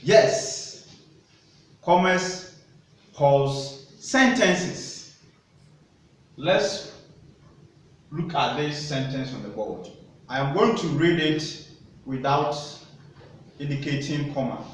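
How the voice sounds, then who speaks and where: A man with a high voice teaches young children at an unhurried pace, spelling each point out and asking questions. He sounds far from the microphone in a very echoey classroom. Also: expressive. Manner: slow, deliberate teacher talk with questions to children. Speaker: primary school teacher. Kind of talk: recorded classroom lesson. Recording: echoey room, voice from a distance.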